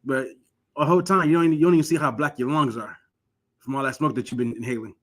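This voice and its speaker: A man's voice: medium pitch, fast. Earnest man teaching religious law. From Michigan, US. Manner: earnest, exhortative, frequent restarts. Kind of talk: informal scripture teaching.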